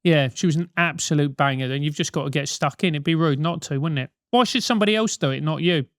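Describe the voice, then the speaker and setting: A man's voice: on the high side, quick pace, a bit bright, no room sound, clean studio sound. A British man hosting a comic advice show, talking bluntly with lots of swearing and mockery. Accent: British English. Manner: profane, blunt, mocking.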